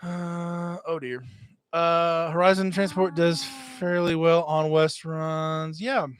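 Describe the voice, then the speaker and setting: A man's voice: on the high side, little pitch movement, takes it slowly, clear, resonant tone. A middle-aged man hosting a casual live stream from home, greeting chat viewers by name with lots of "uh" fillers. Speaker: livestream host. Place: at home, indoors.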